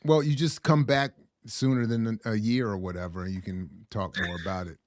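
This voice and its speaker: A middle-aged man hosting a podcast in casual chat, reading out viewer comments, animated and often stumbling over his words. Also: lowish voice, brisk, no echo, studio quality. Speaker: podcast host.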